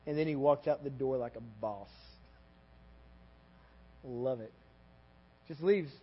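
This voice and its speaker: A man with a Texan accent preaching a sermon to a church congregation, talking in a conversational, animated way, with asides and quick questions to the room. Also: medium pitch. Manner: conversational and animated, with asides and audience check-ins. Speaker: pastor. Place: church sanctuary. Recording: dull audio with long hall reverb.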